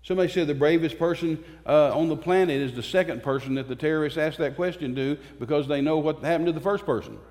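Preaching a sermon in a church sanctuary, a man with a fairly high, darkish voice speaks with fervor and emphasis, using pauses and repeated phrases to drive his points home. The hall's long reverb is audible.

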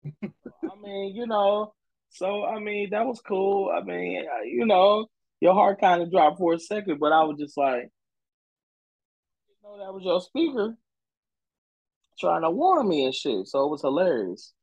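A young adult man co-hosting a podcast, telling a story in casual, profane chat and acting out quotes in a higher voice. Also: expressive, unhurried, vocal fry, long pauses, darkish tone, no room sound, rough recording. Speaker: podcast co-host.

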